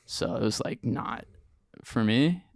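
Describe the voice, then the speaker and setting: A young man, a podcast guest, telling his story in an animated, slangy way with lots of acted-out quotes. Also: mid-range voice, takes it slowly, dry recording, clean studio sound. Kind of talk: casual storytelling interview.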